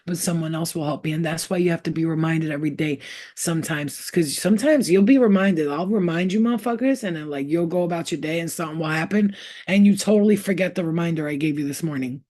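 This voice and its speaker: In a low, somewhat dark voice, a woman who works as a spiritual healer swears her way through a casual motivational talk for viewers. Her delivery is blunt and forceful, aimed right at the listener, with points she keeps circling back to.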